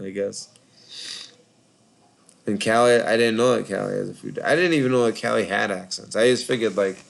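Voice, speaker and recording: A man's voice: lowish voice, gravelly. A tired man with a Boston accent hosting a live call-in show, rambling casually with lots of filler words.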